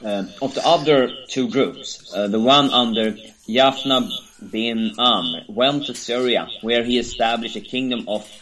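A man co-hosting a talk show, reading a history text aloud in a halting, hesitant way, with many fillers and stumbles over names. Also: mid-range voice, a bit bright, rough recording. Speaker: podcast co-host.

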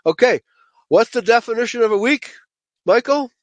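A man's voice: extremely high pitch, animated, normal speed, no echo. A man teaching a Bible study lecture to a group, emphatic and often checking in with listeners by asking "okay?" and calling them folks.

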